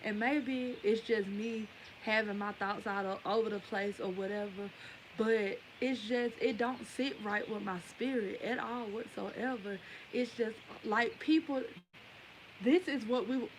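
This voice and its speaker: A woman's voice: a little high, a little slow, a little hiss or hum, low-quality recording. A woman in her twenties giving a rambling, emphatic opinion rant straight to her viewers. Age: 20s. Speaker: vlogger. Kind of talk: casual opinion rant to camera.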